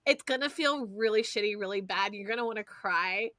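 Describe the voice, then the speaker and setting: A woman, hosting a podcast and telling stories in a lively, foul-mouthed, chatty way. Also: medium pitch, a little fast, dry recording. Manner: animated storyteller, swears freely, addresses listeners as y'all. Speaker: podcast host. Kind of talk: casual chat.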